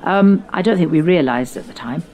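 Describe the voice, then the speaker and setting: An older woman from England, hosting her own podcast and recounting her youth in an animated, storytelling way with playful quoted voices. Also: on the low side, brisk, slight background noise. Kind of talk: reminiscing conversation.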